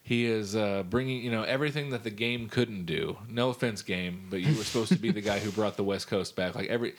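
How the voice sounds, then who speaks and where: Animated, profane man in casual chat. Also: lowish voice, a little fast. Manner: animated, profane, rambling enthusiasm. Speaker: podcast co-host.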